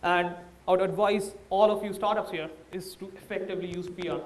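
High-voiced Indian man in an echoey hall. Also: steady tone, brisk, distant mic. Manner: candid, anecdotal, advising. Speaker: startup founder giving a talk. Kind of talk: conference talk to an audience. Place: large room before a live audience.

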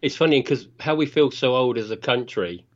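A man's voice: medium pitch, normal speed, dull audio. A man with a southern English accent from around Reading, a podcast guest who rambles in an easygoing way with many fillers. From England. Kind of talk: casual podcast conversation.

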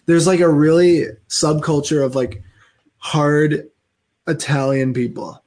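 A man's voice: on the high side, takes it slowly, darkish tone. A young man from the US East Coast with a laid-back, surfer-like drawl, chatting casually as a guest comedian. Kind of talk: casual podcast chat.

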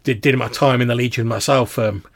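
Man voicing a train conductor, middle-aged ex-soldier, boastful, gravelly, husky. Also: medium pitch, fairly even intonation, a little fast, no echo. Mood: friendly. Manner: chummy, boastful, conspiratorial.

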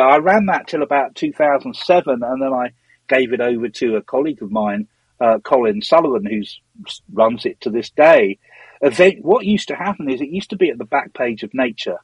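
A middle-aged man with a husky, slightly breathy voice tells stories as an interview guest. His talk drifts from one tangent to the next, full of ums and false starts. The sound is dry and close, with no room echo. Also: fairly high pitch. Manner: rambling and digressive, with frequent ums and restarts. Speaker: interview guest, former magazine editor. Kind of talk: casual anecdotal storytelling.

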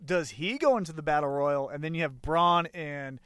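This is a man co-hosting a wrestling podcast in loose, casual chat. He jokes around with crude trash talk in a noticeably high voice. The recording is dry, with little room sound. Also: moderate pace, fairly bright tone, clear, resonant tone, no echo.

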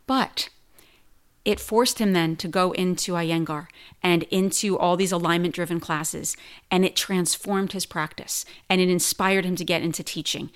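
A woman who teaches yoga, telling stories in a casual interview and acting out the people she quotes. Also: lowish voice. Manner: animated, quotes people in lively voices.

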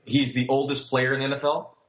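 A man's voice: mid-range voice, level tone, a little fast, a bit bright. Young man podcasting on a dull mic. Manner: teasing, repeats words when starting sentences. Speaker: podcast co-host. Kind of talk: casual chat.

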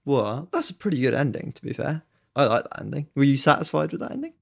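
A man's voice: medium pitch, sing-song, quick pace, gravelly. A man chatting casually as a podcast co-host, analyzing and reacting. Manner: reacting with short interjections, analytical. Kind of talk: casual chat.

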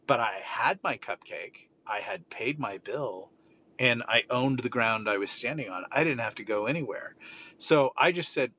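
A man's voice: mid-range voice, lively intonation, moderate pace, bright, forceful tone. A middle-aged man hosting a podcast, telling stories with animation and acting out the exchanges. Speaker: podcast host. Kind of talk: casual podcast chat. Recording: slightly dull audio with faint noise.

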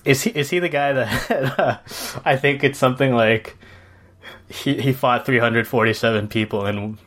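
A young man co-hosting a podcast, talking in a relaxed, thoughtful way and hedging his points. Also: mid-range voice, moderate pace. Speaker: podcast co-host. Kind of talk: casual chat.

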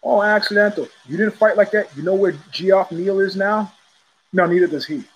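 A man's voice: high voice, moderate pace, muffled recording, a little hiss or hum. A man hosting his own show, talking in a blunt, sardonic, rambling way, with frequent restarts. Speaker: host. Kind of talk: casual solo commentary.

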